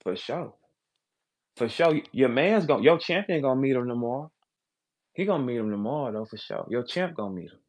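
Battle rapper guy going off on someone, loud then mumbly, talks trash nonstop. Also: expressive, a little fast. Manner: confrontational, swings between shouting and low muttering. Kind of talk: heated trash talk call-out.

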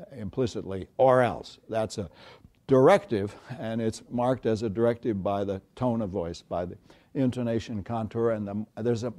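An older man giving a university lecture, often pausing on uh and stressing his example sentences. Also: medium pitch, mellow. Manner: many uh fillers, emphatic example phrases. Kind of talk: classroom lecture. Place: lecture hall.

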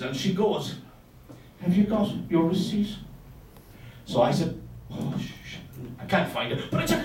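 A man doing stand-up, telling a story in an animated, swearing, exaggerated way. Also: high-pitched, slight background noise. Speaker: stand-up comedian. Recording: roomy sound from a distant mic.

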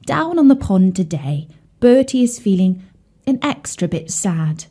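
A woman reads a fairy tale aloud to children in a gentle, confiding way and speaks directly to her listeners. She speaks slowly. Her voice has a mellow, darker tone. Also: mid-range voice, sing-song, breathy edge. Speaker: storyteller. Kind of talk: storytelling for children.

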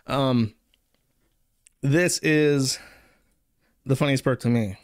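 A man's voice: mid-range voice, extremely slow, no echo, clean studio sound. Sarcastic rambling male commentator. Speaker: streamer commentator. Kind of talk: casual commentary.

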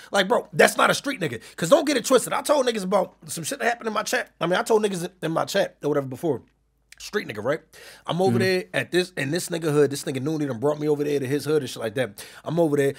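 A man telling a story in casual chat as a streamer being interviewed, swinging from quiet recounting to loud shouting. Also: fairly high pitch, creaky, slightly rough.

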